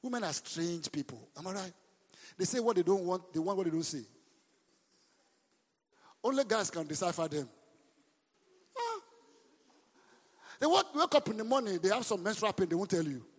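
A man preaching a sermon as a pastor. He speaks with lively emphasis, throws questions at the congregation and breaks into sudden shouts. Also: high-pitched, normal speed, long pauses, breathy edge. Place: church hall. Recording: long reverb of a large hall.

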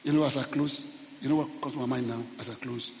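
A man preaching a fervent sermon in a church auditorium, calling out to the congregation and rising to shouted peaks. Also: medium pitch, steady tone, quick pace, vocal fry, big-room sound, a little hiss or hum. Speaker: pastor.

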